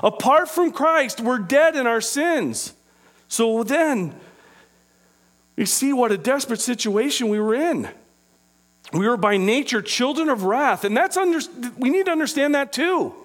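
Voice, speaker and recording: A man preaching a sermon as pastor, acting out small scenes and dropping low and quiet for scripture readings. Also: unhurried. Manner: animated preaching with acted-out impressions.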